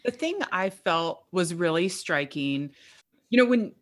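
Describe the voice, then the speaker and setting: Woman cohost on a true crime podcast, low-ish voice, thoughtful. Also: expressive, unhurried. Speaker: podcast co-host producer. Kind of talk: conversational true-crime discussion.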